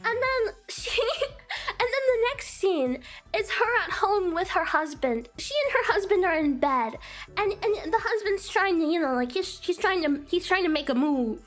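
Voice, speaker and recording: A woman's voice: very high-pitched, animated, moderate pace, fairly bright tone, soft background music. A young woman streamer giggling and rambling through a casual movie recap. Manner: giggly, rambling, with many restarts. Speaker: VTuber streamer.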